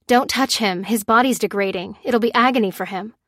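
A woman's voice: medium pitch, a little fast, a bit bright, no echo. Narrator as a blunt young woman agent, urgent, dry audiobook sound.

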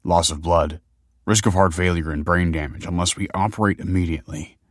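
A man voicing a brisk, clinical male medic who reads out a prognosis flatly in a dark audio story. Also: low-pitched, no room sound, clean studio sound, close to an everyday voice.

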